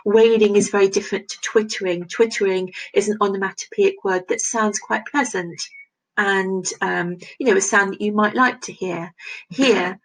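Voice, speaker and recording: A woman's voice: mid-range voice, gravelly, rough recording. A woman teacher walking her class through a text, explaining each phrase and reading quoted lines aloud with emphasis. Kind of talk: recorded literature lesson.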